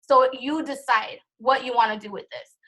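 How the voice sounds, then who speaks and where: A woman's voice: on the high side, normal speed, fairly bright tone, low-quality recording. A woman in her thirties leading a motivational training call, emotional and rambling, with a fired-up pep-talk manner. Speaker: team leader of a sales business. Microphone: call recording.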